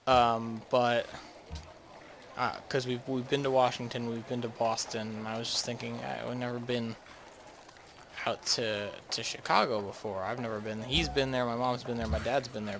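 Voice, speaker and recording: A man's voice: medium pitch, gravelly, a bit bright, slight background noise. A young man from the northeastern United States, rambling and chatty with many restarts as he narrates his game. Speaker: gamer. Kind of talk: casual game commentary.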